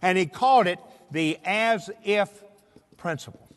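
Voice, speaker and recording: A man's voice: high voice, a little slow, fairly bright tone. A man giving a folksy motivational speech to an audience, telling stories. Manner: folksy storyteller, acts out voices. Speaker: motivational speaker. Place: large hall with audience. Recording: hall reverb.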